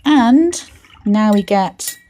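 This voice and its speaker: A woman paints live on her channel and chats to herself the whole way through, playful and easygoing. Her voice sits in a middle pitch, and at times she drops to a quiet mutter as she works. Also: expressive, drawn-out words. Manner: chatty, talks to herself while painting, playful. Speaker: art channel host.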